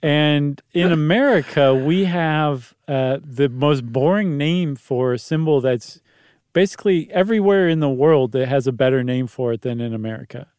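Playful higher-voiced male podcast host. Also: a little mellow, clear, resonant tone, no room sound, clean studio sound. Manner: playful, teasing, quick asides. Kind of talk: casual podcast chat.

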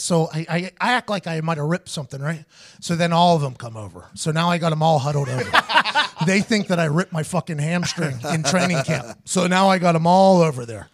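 A man hosting a podcast, telling a story in an animated, profane way and acting out both sides of each conversation. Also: a little high, fairly quick. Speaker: podcast host. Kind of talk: casual storytelling chat.

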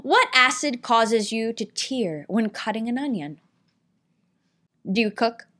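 A woman's voice: fairly high pitch, animated, slow pace, sharp tone. A woman hosting a casual comedic interview, blunt and teasing with her guest. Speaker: host.

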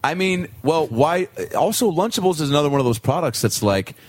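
A man's voice: a little high, brisk, no room sound. A man co-hosting a comedy podcast, telling made-up scenes with lots of laughter. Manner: animated storyteller, laughs often, acts out scenes. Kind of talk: improvised comedy chat.

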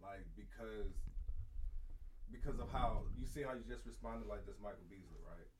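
Low-voiced man telling an emotional story. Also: normal speed, background noise. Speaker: podcast co-host. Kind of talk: casual reaction chat.

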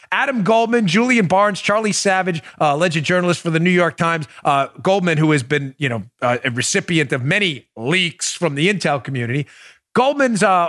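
A man hosting a political talk show, delivering an emphatic, animated monologue full of rhetorical questions. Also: fairly high pitch, dry recording, studio quality.

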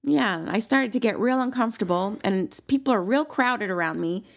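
A woman co-hosting a casual chat, telling a long story with animated delivery and sudden high squeals. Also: brisk, creaky.

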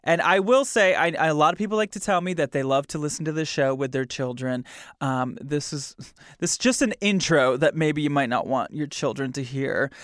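A man's voice: a little high, brisk, a bit bright, dry recording, clean studio sound. A man hosting a podcast, talking casually and with amusement to listeners, with many fillers along the way. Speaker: podcast host.

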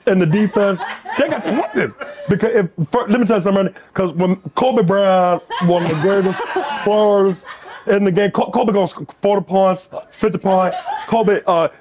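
A man's voice: sits high, moderate pace, close to an everyday voice. A man doing a comedic impression of a boisterous older male basketball pundit, rambling and repeating himself. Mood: rambling, jovial. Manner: rambling, repeats "let me tell you something".

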